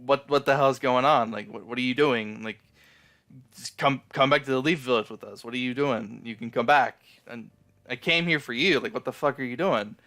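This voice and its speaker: A man's voice: medium pitch, normal speed, pushed and bright, soft background music. A man doing an exasperated young ninja boy. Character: frustrated young male ninja, pleading with his friend.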